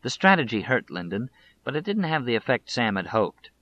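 A man narrating a biography as an audiobook in a measured, deliberate way. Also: medium pitch, sing-song, a bit bright, muffled recording.

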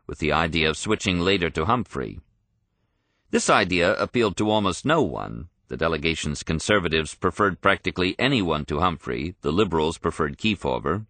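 A man reading a history audiobook in a measured, even storytelling manner. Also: sits low, no room sound. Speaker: narrator. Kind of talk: scripted audiobook narration.

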